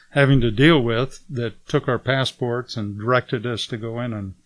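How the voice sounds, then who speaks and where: An older man shares a personal testimony as an animated storyteller. He talks at a middle pitch and slips into other people's lines as he recounts events. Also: a little slow. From United States. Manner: lively storyteller who acts out the dialogue. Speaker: guest giving a testimony.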